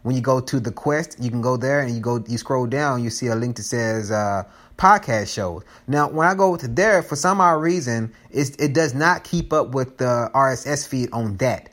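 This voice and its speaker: A man's voice: medium pitch, moderate pace, fairly bright tone. A man hosting his own podcast in casual chat, rambling and joking and often restarting his sentences. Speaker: podcast host.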